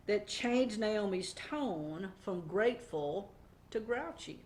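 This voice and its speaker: A woman teaching a weekly Bible devotion in a conversational, animated way, often pausing on fillers. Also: medium pitch.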